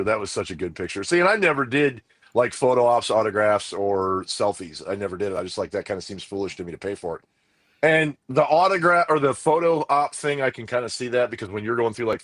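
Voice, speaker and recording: Guy podcast cohost, rambling excited story, dry close sound. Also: lowish voice, a little fast, no room sound. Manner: rambling, excited anecdote with quoted dialogue. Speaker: podcast co-host. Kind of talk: casual chat, animated storytelling.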